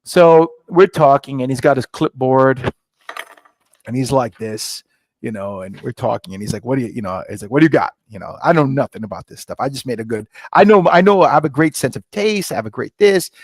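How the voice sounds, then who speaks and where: A middle-aged man, a guest on a podcast, telling his story in a lively way and acting out the dialogue. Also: medium pitch, fairly quick, no room sound. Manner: lively storyteller, acts out dialogue with rising excitement. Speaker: scotch company founder, guest. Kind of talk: animated storytelling interview.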